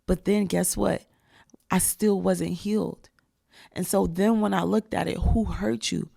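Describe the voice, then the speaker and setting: A woman's voice: medium pitch, fairly even intonation, measured pace, gravelly, dark tone. A woman in her thirties from New Jersey, a guest talking in casual conversation in an emphatic, slangy way. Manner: emphatic, street slang, talks like a rapper.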